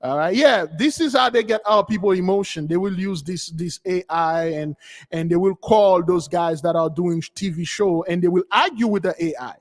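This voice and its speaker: A man with a higher-than-usual voice hosts a spiritual channel in loose, unscripted talk. He repeats himself and stumbles over his words while addressing his listeners as beloved. His voice trails off into a long, echoing reverb. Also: moderate pace. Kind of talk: casual live commentary.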